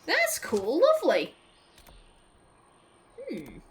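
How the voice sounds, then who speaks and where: A woman talks through a video game in a relaxed, unhurried way. Her voice sits fairly high and moves a lot in pitch, rising and falling as she reacts. A faint hum of noise runs under her. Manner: chatty, polite, apologizes to game characters. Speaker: let's play host. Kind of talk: casual gameplay commentary.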